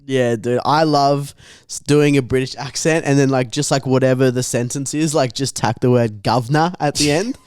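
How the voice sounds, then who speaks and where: A man's voice: medium pitch, fairly even intonation, moderate pace, a little mellow, smooth, dry recording. A young Australian man co-hosts a podcast in loose, casual chat. He swears freely and banters with laughs, in a middling voice. The sound is close and dry. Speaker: podcast co-host.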